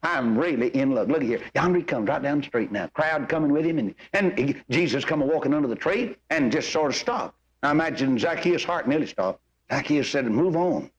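An older preacher with a notably high voice exhorts his listeners in a folksy, storytelling manner. He swings from homespun tales to earnest appeals. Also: lively intonation, a little fast. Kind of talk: sermon.

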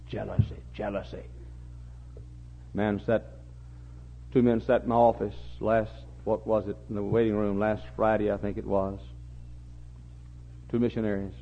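Fiery older pastor, husky voice. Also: male voice, fairly low pitch. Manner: repetitive, rises to impassioned near-shouting peaks. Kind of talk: sermon. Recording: muffled lo-fi recording.

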